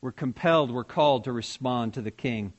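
A man's voice: medium pitch, a little fast, lo-fi sound. A man preaching a sermon as pastor, talking conversationally and putting questions to his congregation.

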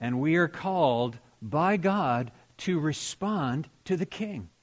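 A man's voice: a little high, animated, slow pace. A man preaching a sermon as pastor, talking conversationally and putting questions to his congregation.

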